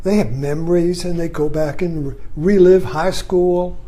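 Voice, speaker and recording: A man's voice: fairly high pitch, fairly even intonation, measured pace, dark tone. An older man giving a rambling, reflective monologue, often adding "you see" as he thinks aloud. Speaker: vlogger. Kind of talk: musing monologue.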